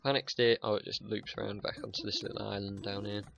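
A man's voice: lowish voice, level tone, quick pace, vocal fry, dull audio. A young man giving casual, sweary gameplay commentary, joking and muttering to himself. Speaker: gaming YouTuber.

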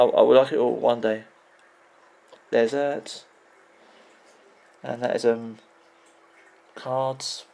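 Casual gaming vlogger, male, mid-pitched, gravelly, rambling and restarting. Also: darkish tone. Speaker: gaming video creator. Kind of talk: casual commentary while browsing images.

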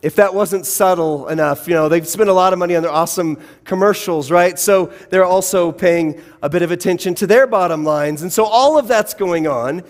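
A man's voice: sits high, normal speed, few pauses. A man preaching a sermon as pastor, telling a personal story with wry, self-deprecating humor. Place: church sanctuary. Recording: long church-hall reverb.

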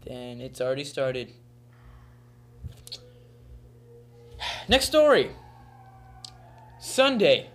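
A teenage boy hosts a church youth news bulletin in a goofy, joking way. He teases his co-hosts with deadpan put-downs between announcements. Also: a little high, measured pace, long pauses, faint music behind. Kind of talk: jokey announcements.

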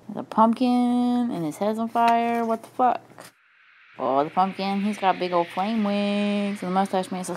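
A woman improvising a silly story from pictures, playful, crude and deadpan. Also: medium pitch, normal speed, noisy background.

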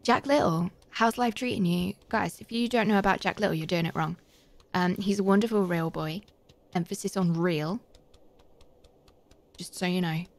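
A woman's voice: fairly low pitch, steady tone, normal speed, creaky, pauses often. A young woman giving chatty, giggly live commentary as she plays a game and thanks her viewers. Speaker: live streamer.

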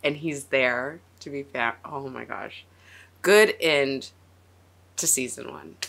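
A woman's voice: extremely low pitch, slow pace, creaky, fairly bright tone. A woman hosting a TV reaction video, talking in a rambling, emotional way, with frequent laughs and restarts. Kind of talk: casual TV reaction and review.

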